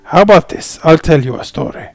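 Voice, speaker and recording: A man reading a game aloud voices a sly, suave fox con man with a mock Spanish accent. His fairly high, expressive delivery is smooth and drawn out, swinging up and down with a slight gravelly edge. The recording is dry and close, with soft game music beneath.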